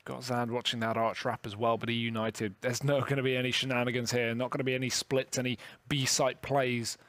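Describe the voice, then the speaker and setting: A man commentating a competitive shooter match, calling plays quickly and joking with his co-caster. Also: mid-range voice, flat delivery, fairly bright tone, no room sound. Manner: jokey banter between calls. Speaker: esports caster. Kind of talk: play-by-play commentary.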